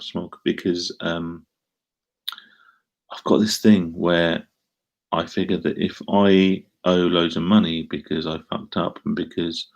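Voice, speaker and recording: A man's voice: sits low, a little mellow, highs cut off. A middle-aged man with an Essex accent, chatting casually on a live stream and answering viewer comments in a rambling way. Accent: Essex English. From England.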